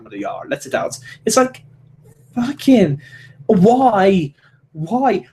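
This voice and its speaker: Rambling, swearing man with a lively pitch. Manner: rambling, swears a lot, frequent restarts. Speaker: podcast host. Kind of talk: solo casual podcast rant.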